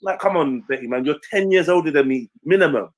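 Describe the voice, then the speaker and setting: A man, telling a story in casual chat, animated and slangy, swearing freely and acting out what others said. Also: on the high side, a little fast, low-quality recording. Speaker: stream panelist.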